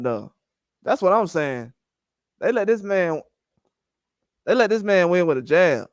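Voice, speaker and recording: A man's voice: sits high, big pitch swings, unhurried, pauses often, no echo, clean studio sound. A man hosting a boxing channel, talking casually and ranting, acting out the conversations he quotes.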